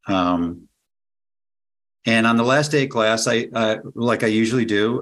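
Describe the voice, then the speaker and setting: A man, a guest on a podcast, talking in a halting way that repeats words as he starts a point. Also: on the low side, a bit bright. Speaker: guest, somatic educator. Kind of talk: casual conversation.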